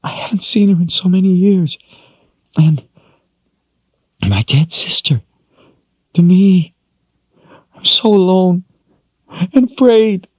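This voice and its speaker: A man's voice: slow pace, few pauses, dark tone, no echo, highs cut off. A male narrator voicing a young woman who sobs and gasps in terror and grief. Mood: sobbing. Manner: high, tearful, gasping wail. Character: young woman, terrified, sobbing, lost in grief.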